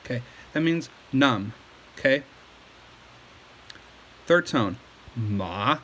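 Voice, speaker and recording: Bright-voiced man teaching a casual lesson. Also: mid-range voice, normal speed, slight background noise, low-quality recording. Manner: patient, repeats okay after each point. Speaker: Chinese language teacher. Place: home at night.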